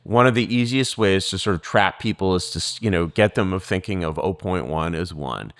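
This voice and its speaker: Interview guest, man, low smooth voice, digressive and filler-heavy, dry close sound. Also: lively intonation, fairly quick, dry recording. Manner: rambling, digressive, many fillers. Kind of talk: political interview.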